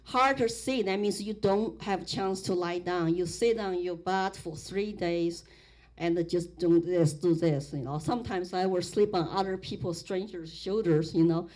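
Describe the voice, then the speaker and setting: A middle-aged woman from Sichuan with a Chinese accent, telling her life story in a public talk, animated, with frequent restarts. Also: lowish voice, a little slow. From Sichuan, China. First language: Mandarin Chinese.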